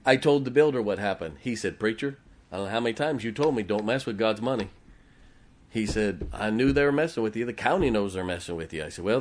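A man, a pastor, preaching a sermon in a folksy storytelling way, acting out quoted conversations. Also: medium pitch.

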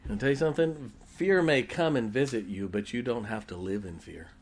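A middle-aged man preaching a sermon in a folksy, humorous way, swinging from loud emphasis to quiet, intimate asides. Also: medium pitch, a little fast. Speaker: pastor.

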